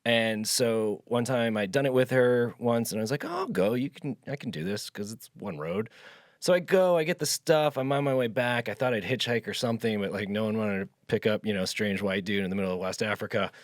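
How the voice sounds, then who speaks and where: A young man co-hosting a podcast, telling a long anecdote in a casual, animated way and acting out the voices in it. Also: fairly low pitch, brisk, no echo, clean studio sound. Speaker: podcast co-host. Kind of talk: casual storytelling.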